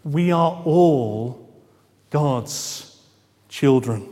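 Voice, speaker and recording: A man preaching a sermon, measured and emphatic, drawing out key phrases. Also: a little high, lively intonation, warm tone, in a large hall. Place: church.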